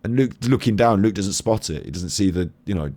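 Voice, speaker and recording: A man's voice: fairly low pitch, expressive, a little fast, a little mellow. A man streaming casual commentary over a video clip, chatty, laughing and swearing.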